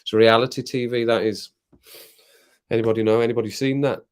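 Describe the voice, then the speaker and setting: A relaxed British man hosts a late-night live stream and talks easily to the viewers in the chat. He rambles, laughs a lot and reads their comments out loud between sips of rum, with a cough now and then. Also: mid-range voice, a little fast, clear, resonant tone. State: drinking rum, occasional coughs.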